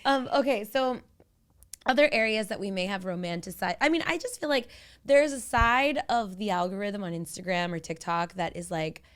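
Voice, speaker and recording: A woman's voice: medium pitch, moderate pace, clear, resonant tone. A woman in her thirties co-hosting a podcast in casual chat, talkative and filler-heavy, often quoting herself. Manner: chatty, quotes herself, frequent "like". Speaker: podcast co-host.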